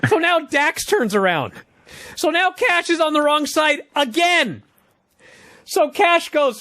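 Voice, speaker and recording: Animated, swearing man telling a story. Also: very high voice, moderate pace, no echo, faint music behind. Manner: profane, lively play-by-play retelling with acted-out quotes.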